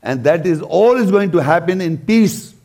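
A man's voice: high voice, animated, moderate pace, a little mellow. A man giving a religious talk, explaining scripture verse by verse and stressing key points by repeating them. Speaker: religious lecturer. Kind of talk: scripture commentary.

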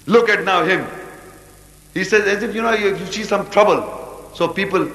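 Animated man lecturing in an echoey hall. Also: sits high. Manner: animated, rapid chanted recitation between explanations. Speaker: religious teacher. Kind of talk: scripture commentary lecture.

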